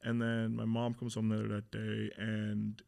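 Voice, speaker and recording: Gravelly young man telling his story. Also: lowish voice, monotone, a little slow, a little mellow. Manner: casual, heavy filler and frequent swearing. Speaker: guest. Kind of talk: candid personal storytelling.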